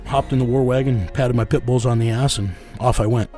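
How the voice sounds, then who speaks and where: Warm and steady, his medium-pitched voice runs a little fast over faint background music. The speaker, an American vigilante team leader in an interview, tells his story in a loose, swearing ramble, reenacting conversations again and again with "I said" and "he goes."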